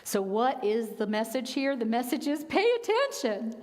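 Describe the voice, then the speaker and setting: A woman minister giving a sermon, telling stories in a conversational way with quiet, emphatic asides. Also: fairly high pitch, sing-song, normal speed, few pauses, in a large hall. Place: church sanctuary.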